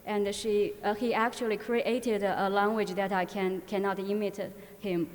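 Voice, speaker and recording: A woman giving an academic conference talk, halting, with frequent filler pauses and restarts. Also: medium pitch, flat delivery. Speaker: conference presenter. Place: university conference hall. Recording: long reverb of a conference hall.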